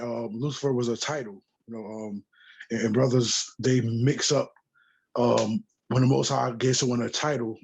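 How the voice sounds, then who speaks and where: Husky-voiced man, tentative and halting, thinking aloud in a discussion. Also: mid-range voice, darkish tone. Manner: hesitant, full of ums and restarts. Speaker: discussion participant. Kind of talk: religious discussion.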